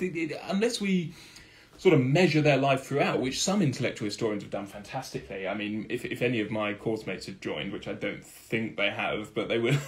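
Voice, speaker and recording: Young guy rambling about history to camera, lots of ums and restarts, mid-pitched voice. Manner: rambling, many restarts and fillers, laughs at own points. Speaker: history channel host and PhD student. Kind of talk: casual educational talk to camera.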